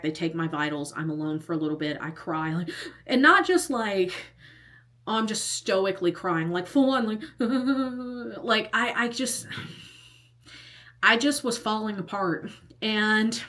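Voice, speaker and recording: A young woman with a slightly low voice tells a personal storytime on her vlog. She talks casually and animatedly, laughing often as she recounts what happened. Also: fairly bright tone. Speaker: vlogger.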